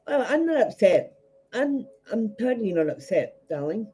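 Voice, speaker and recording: A woman's voice: a little high, sing-song, normal speed, dark tone, slightly rough, faint music behind, rough recording. An Australian woman giving a live tarot reading to viewers, blunt and rambling, with many fillers and restarts. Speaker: tarot reader.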